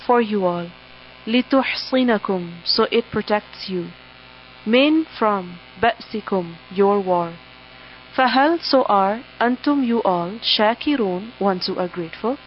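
A woman teaching a word-by-word translation of the Quran, reading each word and then giving its English meaning in short, measured phrases. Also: medium pitch. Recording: dull audio with faint mains hum.

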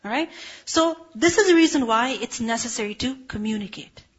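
A woman's voice: a little high, lively intonation, a little fast, breathy edge. A woman teaching a religious lesson, explaining step by step and asking rhetorical questions. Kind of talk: explanatory lecture. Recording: dull lo-fi recording.

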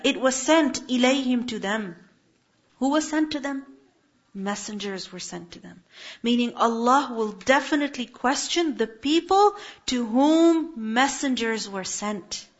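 A woman's voice: a little high, dull audio. A woman giving a Quran lesson, explaining Arabic words one by one and asking her listeners rhetorical questions. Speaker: Quran teacher. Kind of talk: religious lesson on Quranic verses.

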